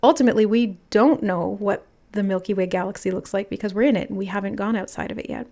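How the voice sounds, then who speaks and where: During an intuitive tarot reading, a woman with a mid-range voice speaks quickly. Musing aloud, she relays messages in a soft, channeling way.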